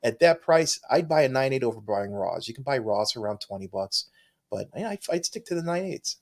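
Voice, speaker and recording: A man's voice: medium pitch, very animated, fairly quick. Enthusiastic male comic podcast co-host. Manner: enthusiastic, with frequent restarts. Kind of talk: casual chat.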